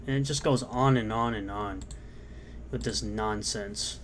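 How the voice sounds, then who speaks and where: A man's voice: lowish voice, measured pace, a little hiss or hum. A man in a played video clip, commenting sarcastically and indignantly on what he reads.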